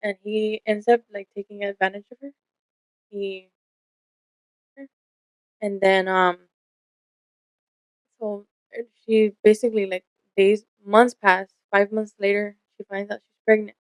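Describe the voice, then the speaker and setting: A woman's voice: mid-range voice, level tone, a little slow, pauses often, dry recording, rough recording. A young woman co-hosting a casual podcast, telling stories candidly and swearing freely, acting out the lines of the people in them. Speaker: podcast co-host.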